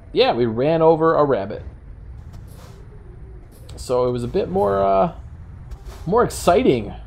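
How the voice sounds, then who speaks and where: A man's voice: fairly high pitch, darkish tone. New York-accented male host, wry and chatty, talking over a game with truck engine noise behind. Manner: wry, chatty, mock-indignant rants. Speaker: gaming channel host. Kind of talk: casual gameplay commentary.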